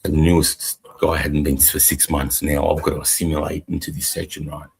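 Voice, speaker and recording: Fairly quick and level in tone, a very deep, creaky and slightly rough voice belongs to an Australian man in his forties. The army veteran co-hosts a stream, swearing constantly as he rambles through blunt war stories.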